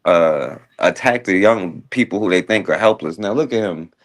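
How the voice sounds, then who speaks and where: A man's voice: sits low, normal speed. A man hosting a talk show, casually commenting on a video clip in a loose, slangy way.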